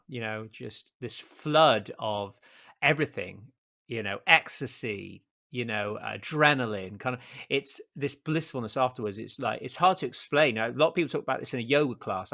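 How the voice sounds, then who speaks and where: Bright, forceful man hosting a podcast. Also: medium pitch, moderate pace, creaky. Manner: enthusiastic and emphatic, with lots of fillers like "you know". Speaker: podcast host. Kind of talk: conversational podcast interview.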